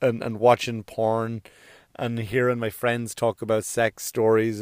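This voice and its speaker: A man's voice: medium pitch, little pitch movement, unhurried, clean tone. A middle-aged man hosting his own podcast, rambling through a comedic monologue with self-deprecating asides and sudden sung outbursts. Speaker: podcast host. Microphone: podcast microphone.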